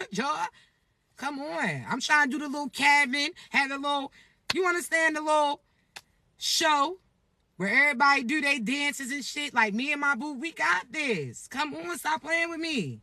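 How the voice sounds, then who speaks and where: High bright voice, woman doing a cussy playful energy reading vlog, dry close sound. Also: moderate pace, no room sound. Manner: animated, profane and playful. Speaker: spiritual content creator.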